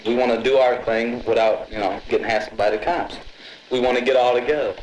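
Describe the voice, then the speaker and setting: A man's voice: medium pitch, steady tone, fast talker, darkish tone, slight background noise. A man talking earnestly in a group discussion, arguing his point. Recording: echoey room on old film.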